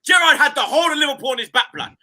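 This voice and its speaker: A man in heated football banter, his voice leaping high and bright as he jeers and repeats his taunts. He talks fast with a lively, swooping delivery. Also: poor audio. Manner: loud, teasing, repeats phrases like chants. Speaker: football fan pundit.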